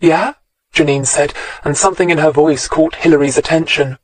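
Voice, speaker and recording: Measured male audiobook narrator, dry sound. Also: fairly high pitch, no echo, poor audio. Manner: steady, measured storytelling. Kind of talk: scripted crime novel narration.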